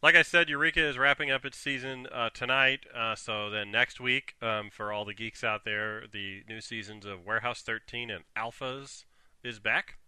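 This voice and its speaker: A man's voice: medium pitch, steady tone, moderate pace, bright, forceful tone, smooth, no echo. A man co-hosting a casual chat about TV, upbeat and laughing often. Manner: enthusiastic, laughs often, rundown of upcoming shows.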